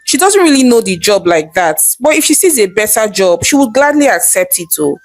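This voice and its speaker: A woman with a Nigerian accent voicing an excitable young male police guard who talks in exclamations and pidgin tags. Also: medium pitch, brisk, dry recording, soft background music. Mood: eager.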